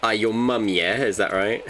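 A man's voice: on the low side, a bit bright, a little hiss or hum. A man, chatting and joking with his viewers while playing a game. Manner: joking, bantering with chat. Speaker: streamer. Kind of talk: casual live gameplay chat.

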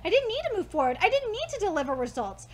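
A woman reading aloud the lines of a gentle, hopeful manga character in a soft, earnest voice. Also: very high voice, sing-song, quick pace, very noisy. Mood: quiet.

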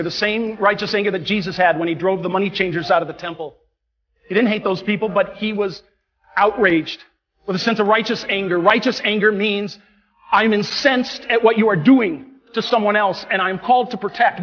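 A man's voice: sits high, a little fast, a bit bright, muffled recording, a little hiss or hum. A man, a parish priest delivering an impassioned homily, indignant and full of rhetorical questions. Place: large church. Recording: long church reverb, faint music.

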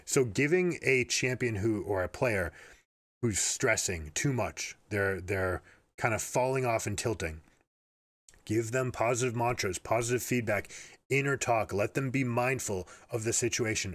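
Energetic man breaking down esports play. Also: mid-range voice, measured pace, no echo. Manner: energetic, repeats words while explaining. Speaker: esports coach commentator. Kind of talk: game analysis with coaching advice.

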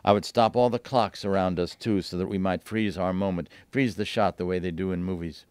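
A man reading aloud from his own novel at a bookstore event, lively, lifting his voice for the dialogue. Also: dry recording. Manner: lively, voices the dialogue with raised pitch and quick asides.

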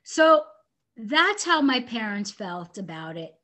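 A woman's voice: a little high, very animated, slow pace, fairly bright tone. A woman, an inventor and entrepreneur, telling her story as an interview guest in a bubbly, heartfelt way. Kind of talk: casual interview chat.

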